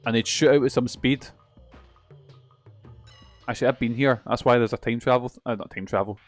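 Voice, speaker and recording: A man's voice: mid-range voice, fairly quick, soft background music. A young man streaming a video game, rambling and swearing often in casual, self-mocking chatter. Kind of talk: casual let's-play commentary.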